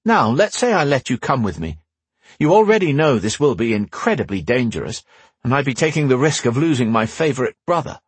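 A man's voice: mid-range voice, big pitch swings, fairly quick, slightly rough, no room sound, voice pushed up. A man voicing a weary, sardonic young man with a dry, sarcastic manner. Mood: sardonic, wry.

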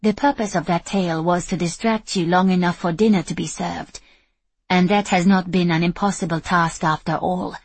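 A woman voicing a composed female sword mentor who speaks in a measured, instructive way. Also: lowish voice, steady tone, slightly rough, dry recording. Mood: wry.

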